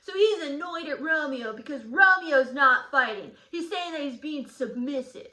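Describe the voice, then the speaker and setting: A woman's voice: high voice, lively intonation, moderate pace, sharp tone. A woman in character as Tybalt, giving a guided study lesson in slangy, sarcastic paraphrase. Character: brash young male swordsman Tybalt, cocky and touchy. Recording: echoey room.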